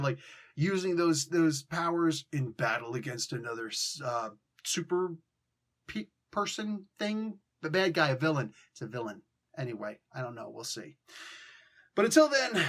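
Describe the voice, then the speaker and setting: A man hosting a casual comic book review, animated and slangy, now and then acting out lines in mock voices. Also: a little high.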